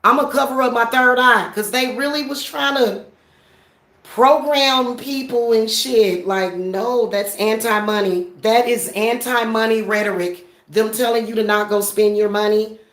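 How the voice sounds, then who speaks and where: A woman's voice: on the high side, steady tone, measured pace, a bit bright, echoey room. Blunt, profane woman ranting at home. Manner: blunt, profane, laughing, talks straight to viewers. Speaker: spiritual practitioner vlogger. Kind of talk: casual ranting vlog.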